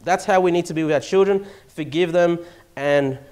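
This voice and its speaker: An Australian pastor preaching a sermon in church, animated, swinging from loud emphasis to hushed asides and chuckling now and then. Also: male voice, fairly high pitch, moderate pace.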